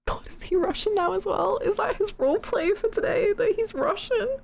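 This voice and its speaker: A woman's voice: very high-pitched, normal speed, vocal fry, a little hiss or hum. A woman streamer giving playful, giggly, exclamatory commentary on a live game playthrough. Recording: game music under the voice. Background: game music.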